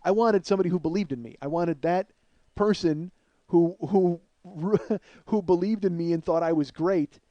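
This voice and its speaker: A man with a slightly high voice tells a comic story in a rambling, self-mocking way, with plenty of swearing. The recording is close and dry, with no room sound around him. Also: normal speed, warm tone, no room sound, dull audio. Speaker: comedian.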